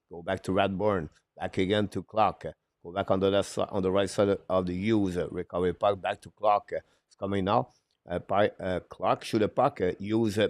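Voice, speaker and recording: A man calling hockey play-by-play on a live stream. He talks haltingly, with frequent "uh" fillers, broken English phrasing and apologetic self-corrections. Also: sits low, darkish tone, no echo, studio quality. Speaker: play-by-play commentator and show host.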